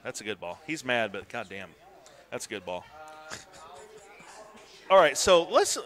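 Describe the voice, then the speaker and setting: A man casually commentating a golf video game stream, joking, swearing and bursting into excited shouts. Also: mid-range voice, slow pace, crowd noise.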